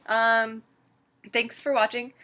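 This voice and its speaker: A woman vlogger telling a story to camera in a chatty, animated way, full of fillers. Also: a little high, takes it slowly.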